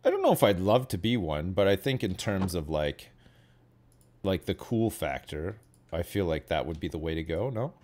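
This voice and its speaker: Casting: a man in his thirties with a lowish voice, hosting a game stream, chatty and meandering, full of "like" and "right?". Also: very animated, moderate pace, darkish tone. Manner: rambling, hedging, many fillers and tag questions. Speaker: streamer host. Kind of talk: casual chat while gaming.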